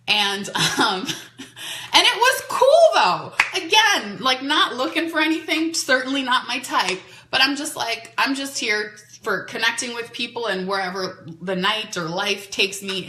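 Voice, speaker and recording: Woman podcaster rambling through a dating story, bright voice, roomy echo. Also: fairly high pitch. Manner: chatty, animated, many "like"s. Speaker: podcast host. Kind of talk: casual storytelling. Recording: echoey room.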